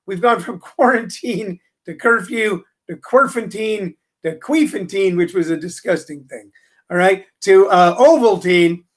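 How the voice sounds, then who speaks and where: A man's voice: high voice, measured pace. Man hosting a wry, rambling comic monologue. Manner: wry, joking, lots of ums and uhs. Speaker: podcast host and comedy teacher.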